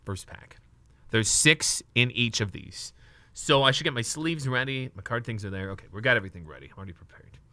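Tearing into trading card packs on a live stream, a nervous, excitable young man chats with his viewers and lets the occasional swear slip. His medium-pitched voice runs a little fast, and there's no echo.

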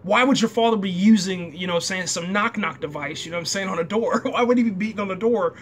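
A man's voice: high voice, fast, slight background noise. A man giving a casual, slangy recap of a TV episode, acting out the characters' lines as he goes. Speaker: show reviewer.

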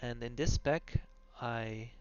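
A man's voice: mid-range voice, slow, clear, resonant tone. A man voicing over a video game class guide, explaining hesitantly with many fillers. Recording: dull lo-fi audio with faint music.

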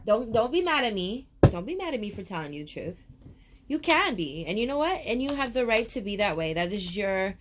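Woman, tarot reader in a casual video. Chatty and animated, sure of herself, with mid-range pitch. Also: fairly quick, noisy background. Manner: animated, calls viewers baby and honey.

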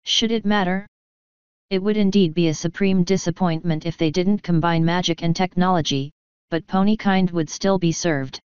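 Woman audiobook-style narrator; steady, with a dry, somewhat dull home recording. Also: fairly low pitch, moderate pace, clean tone, no echo. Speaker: fanfiction reader.

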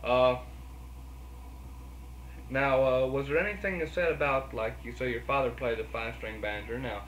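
A man interviewing a musician, asking questions in a measured, slightly hesitant way. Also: mid-range voice, a bit bright. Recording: echoey room with faint background noise.

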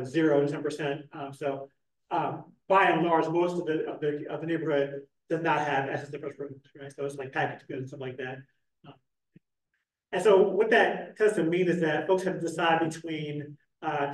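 A man from Philadelphia giving a conference panel talk, talking quickly and loosely with lots of fillers. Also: a little high, recorded from a distance. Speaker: panel presenter. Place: conference room with hybrid online audience. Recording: echoey room, speaker away from the mic.

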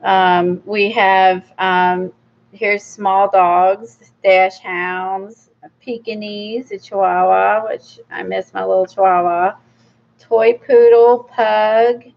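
Slow, gravelly-voiced woman chatting about art books. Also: medium pitch, steady tone, highs cut off. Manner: chatty and rambling, many fillers and restarts, laughs often. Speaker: art channel host. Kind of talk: casual book review vlog.

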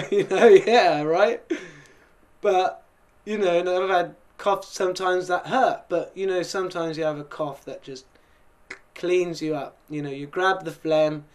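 A man's voice: sits high, fairly even intonation, unhurried. Rambling British man chatting casually. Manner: chatty, rambling, chuckling asides. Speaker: host. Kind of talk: casual chat.

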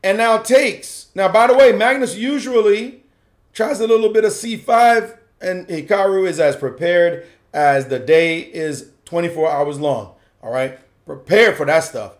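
A man's voice: sits high, a little slow. A man giving playful, slangy chess commentary as a grandmaster analyst, acting out what the players might be thinking.

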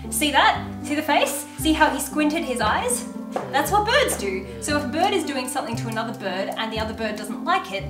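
A woman host chatting earnestly and emphatically in a casual Q&A at home. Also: on the high side. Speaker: YouTuber, parrot owner. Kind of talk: casual Q&A chat. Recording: roomy echo with background music.

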